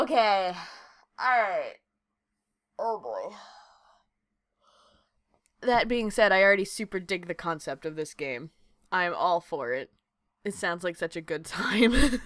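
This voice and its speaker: A woman's voice: medium pitch, fairly bright tone, no echo, studio quality. A young woman hosting a gaming channel, with a slightly stuffy nose and a giggly, self-deprecating way of talking. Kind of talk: let's play commentary.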